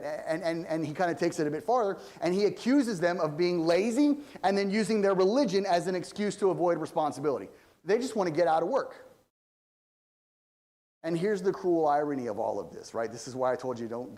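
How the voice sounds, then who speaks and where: A man preaching a sermon as pastor, in a conversational way with many asides, swinging between loud emphatic stretches and low quiet ones.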